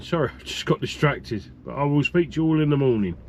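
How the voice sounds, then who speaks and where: A man's voice: a little high, expressive, fast talker, hardly any pauses, darkish tone, highs cut off. A middle-aged man, chatting casually in a trucker vlog, rambling with lots of ums and uhs. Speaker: truck driver vlogger.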